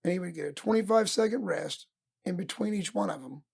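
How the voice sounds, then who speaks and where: Speaking a little fast in a high-pitched, husky, gravelly voice, a middle-aged wrestling coach shares youthful stories during a casual podcast chat. He's an animated storyteller who plays out what his old coaches told him.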